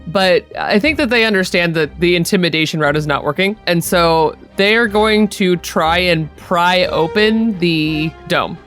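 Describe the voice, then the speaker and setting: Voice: medium pitch, unhurried, few pauses, fairly bright tone, soft background music. A player in a tabletop game, describing their moves casually with many fillers.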